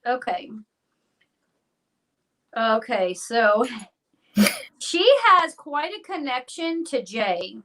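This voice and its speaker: A woman's voice: on the high side, big pitch swings, extremely slow, pauses often, bright, forceful tone, poor audio. A woman hosting a live stream as a psychic medium, chatty and playful, often laughing at herself. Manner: chatty, playful, self-deprecating.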